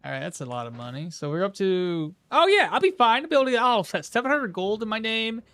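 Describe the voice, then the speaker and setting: Male game streamer, high-pitched, loose rambling chat with frequent chuckles. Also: very animated, fast talker, fairly bright tone. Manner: rambling, chuckles often, trails off into asides. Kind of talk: casual live-stream chat while playing.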